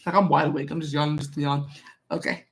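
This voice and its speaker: A woman's voice: sits low, fairly even intonation, fast. A woman doing a casual live-stream tarot reading, chatty with many fillers, reading viewer comments aloud. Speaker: tarot reader.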